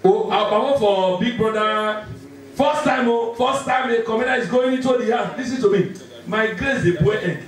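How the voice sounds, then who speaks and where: A man with a Nigerian accent doing live stand-up comedy, bantering quickly and laughing often. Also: very high voice. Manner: rapid Pidgin-laced banter, laughing often. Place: large indoor venue with live audience. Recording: echoey hall from far off, loud crowd.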